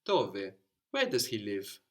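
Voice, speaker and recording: A man's voice: lowish voice, wildly swooping pitch, slow, sharp tone. A man teaching a spoken language lesson, patiently guiding a student step by step and praising each answer. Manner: patient, encouraging, explains step by step.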